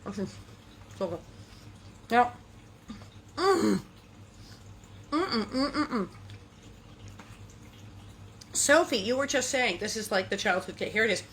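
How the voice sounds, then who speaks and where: A woman's voice: medium pitch, animated, normal speed, long pauses, fairly bright tone, a little hiss or hum. A woman hosting a casual cooking demonstration in a kitchen, chatty and playful, breaking into sing-song asides. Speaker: cooking show host.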